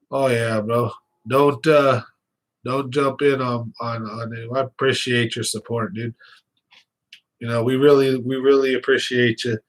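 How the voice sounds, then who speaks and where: Slow and flat, with long pauses, a young man's medium-pitched voice carries his fishing channel live stream. He rambles casually with viewers and laughs a lot, sounding a bit stuffed up from sinus trouble.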